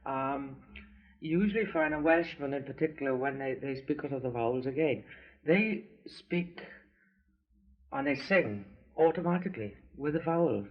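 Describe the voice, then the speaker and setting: A man, a guest on a radio interview, speaking in a halting way with many restarts. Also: medium pitch. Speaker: interview guest, singer's husband. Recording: dull lo-fi 1970s radio recording.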